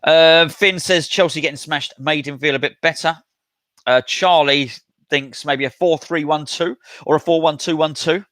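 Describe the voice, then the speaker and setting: A man's voice: a little high, fairly even intonation, normal speed, a bit bright, no echo. A man hosting a casual live stream, chatting and reading out viewer comments as he replies. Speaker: host reading live chat.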